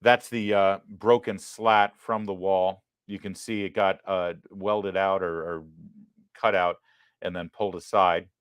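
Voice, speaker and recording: A man hosting a live political commentary show, talking in a sarcastic, emphatic way with quick apologetic asides. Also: low-pitched, flat delivery, clear, resonant tone, dry recording. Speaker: host.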